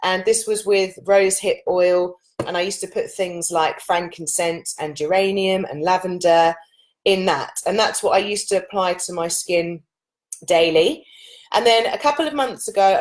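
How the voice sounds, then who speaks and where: A woman in her late thirties, a yoga and oils teacher, chatting informally to camera with a husky voice and loose, run-on explanations. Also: lowish voice. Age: 30s. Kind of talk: casual chat to camera.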